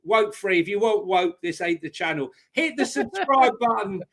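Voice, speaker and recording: A man's voice: high-pitched, lively intonation, moderate pace, a bit bright. A man co-hosting a casual live stream, laid-back and jokey, with many ums and uhs. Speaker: co-host.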